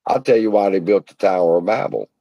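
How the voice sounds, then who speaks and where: A man's voice: low-pitched, fast talker, vocal fry, mellow, no room sound, low-quality recording. A man hosting a casual livestream, telling a folksy parable in a profane, preacherly way from a room at home. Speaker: investing channel host. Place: hot room at home beside air conditioner.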